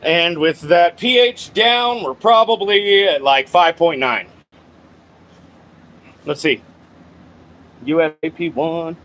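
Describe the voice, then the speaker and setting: High-voiced man muttering while he works. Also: slow pace, long pauses, fairly bright tone. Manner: thinks aloud, mutters and curses at himself. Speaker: host of a plant-growing channel. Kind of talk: casual talk-along while working. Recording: dull lo-fi with faint background noise.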